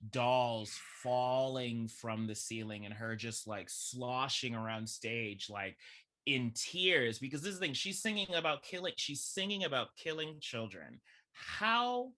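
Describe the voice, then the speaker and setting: A man chatting as a podcast guest, animated and laughing often, swinging from loud bursts to low murmurs. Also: moderate pace, hardly any pauses. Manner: laughs often mid-sentence. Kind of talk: casual chat.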